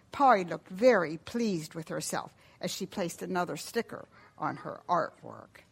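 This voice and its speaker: A woman reading a children's devotional story aloud in a gentle, measured way. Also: fairly low pitch, lively intonation, gravelly, slightly rough.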